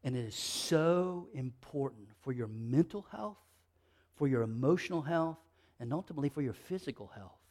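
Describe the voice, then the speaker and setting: A man preaching a sermon, moving between quiet, low passages and loud, emphatic bursts of repeated phrases. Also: expressive, moderate pace. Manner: fervent, repetitive preaching. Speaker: pastor.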